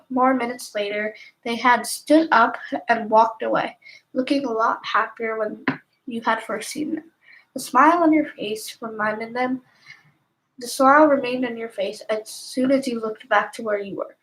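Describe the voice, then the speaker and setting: Woman for soft ASMR narration, slow, half-whispered read, slightly high voice. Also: rough recording. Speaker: ASMR storyteller.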